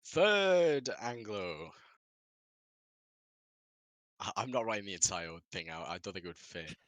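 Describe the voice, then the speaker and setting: A man's voice: deep voice, fast talker, bright, forceful tone, dry recording, low-quality recording. A man casting a live esports stream, rambling and laughing at himself. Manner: rambling, self-mocking, laughs often. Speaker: esports caster.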